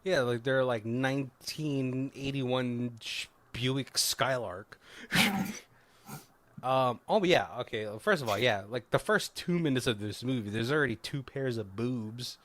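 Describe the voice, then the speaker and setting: A man hosting a podcast chats casually about a film, reviewing it in loose, run-on bursts and laughing often. His voice is medium-pitched, unhurried, and a bit bright.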